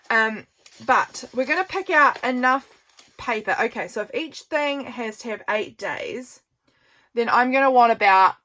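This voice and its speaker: A woman's voice: a little high, pushed and bright. Chatty New woman crafting. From New Zealand. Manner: chatty, self-deprecating, thinks aloud. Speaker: crafting channel host. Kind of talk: casual crafting chat.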